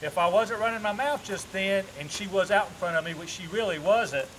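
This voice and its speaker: High-voiced man coaching a dog training lesson. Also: fairly quick, fairly bright tone, a little hiss or hum, poor audio. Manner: explains step by step, often tagging on a checking "okay?"; switches to upbeat praise and commands while working the dog. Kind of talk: instructional training demonstration.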